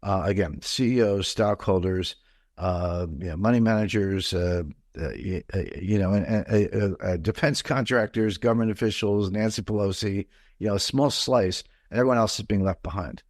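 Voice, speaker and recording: A middle-aged man from the mid-Atlantic United States is an interview guest in a conversational interview, rambling and digressing with many fillers and restarts. His voice is on the low side and a little mellow, at a moderate pace, in a dry, studio-quality recording.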